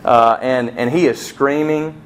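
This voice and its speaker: A middle-aged man preaching a sermon as pastor, telling a family story and acting out the voices in it, with sharp swings from soft to loud. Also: mid-range voice, fairly even intonation, a little slow. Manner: storytelling with vivid acted-out quotes and swings in loudness.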